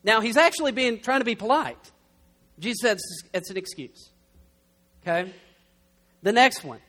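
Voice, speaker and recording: Man, pastor, very high voice, lively joking sermon, young adult. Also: normal speed. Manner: animated storytelling with humor. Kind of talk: conversational sermon.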